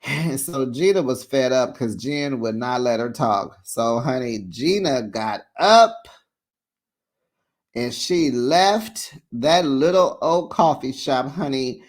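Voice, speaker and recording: A reality TV recap host giving casual, sassy commentary, chatty and quick to laugh. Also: medium pitch, expressive. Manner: chatty and sassy, with frequent laughs and acted-out quotes.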